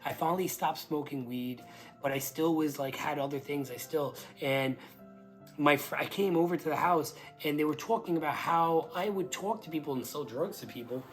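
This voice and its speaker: A young man giving a casual spoken testimony, rambling with lots of "like" and restarts, and bursting into excitement as he relives moments. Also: fairly high pitch, normal speed, soft background music. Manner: rambling storytelling full of "like" and restarts.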